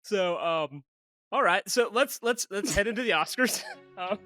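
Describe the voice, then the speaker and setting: An animated young man co-hosts a casual movie podcast, joking and laughing often as he talks. His voice is bright and fairly high, with a lot of swing in his pitch. Soft music sits faintly behind him. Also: unhurried. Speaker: podcast co-host.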